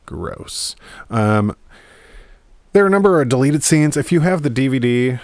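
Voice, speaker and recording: This time the man's mid-range voice is animated and a bit dark in tone, at normal speed and without echo. Talking to camera from a home room with a DVD rack, the movie commentator rambles irreverently about a film, swearing and laughing a lot.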